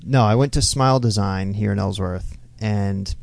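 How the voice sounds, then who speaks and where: Dude cohosting a podcast, low mellow voice, dry close mic, swears a lot. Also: male voice, moderate pace, gravelly, dry recording. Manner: laid-back storytelling, swears often. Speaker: podcast co-host. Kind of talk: casual podcast banter. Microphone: close studio mic.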